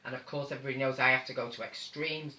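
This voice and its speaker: A man's voice: medium pitch, steady tone, rapid-fire, bright, forceful tone, reverberant, a little hiss or hum, low-quality recording. A man with a North Manchester accent hosting a casual live stream from his home, chatty and theatrical, calling his viewers darling. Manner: camp, chatty, theatrical, calls people darling. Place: home room.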